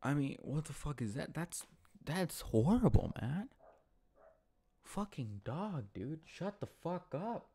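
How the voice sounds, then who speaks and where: A man's voice: on the high side, very animated, slow, mellow, husky. A man hosting his own online show, delivering a heated, profane rant from home with lots of swearing and repetition. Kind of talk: profane ranting monologue.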